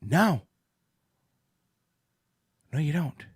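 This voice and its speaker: A man rambles through a casual livestream chat, excitable and profane, wired on coffee. His pitch swings widely as he talks, and the sound is dry and close. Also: very slow, breathy edge, no room sound. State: amped up on coffee. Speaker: podcast host.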